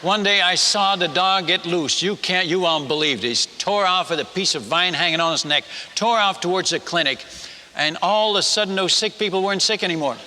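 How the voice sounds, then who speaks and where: An older man from the Netherlands, a missionary telling a humorous sermon story, animated and acting out the people in it. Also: sits high, brisk. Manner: animated, acts out villagers and his wife in quotes. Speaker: missionary speaker. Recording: long hall reverb.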